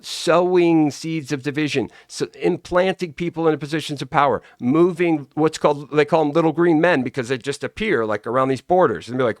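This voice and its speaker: A man's voice: fairly high pitch, a little fast, few pauses, no echo, studio quality. A man delivering a combative, profane political rant straight to camera, often repeating himself for emphasis. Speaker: political commentator.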